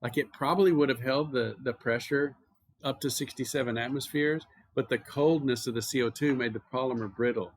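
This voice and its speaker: A man's voice: mid-range voice, a little fast, slight background noise. An American man lecturing on chemistry at a university, explaining casually and telling stories with plenty of fillers. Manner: relaxed, anecdotal explaining with filler words. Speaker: chemistry professor.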